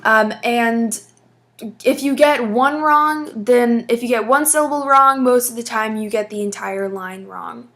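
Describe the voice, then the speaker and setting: A woman's voice: on the high side, steady tone, unhurried, fairly bright tone. A woman teaching a lesson, explaining patiently step by step with frequent fillers. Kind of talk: casual classroom explanation.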